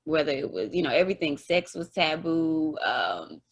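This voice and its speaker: A woman's voice: sits low, very animated, normal speed, slightly rough. A woman in her thirties hosting a podcast interview, talking casually and a little hesitantly with fillers and restarts. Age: 30s. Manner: hesitant, self-described tongue-tied, many fillers. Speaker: podcast host.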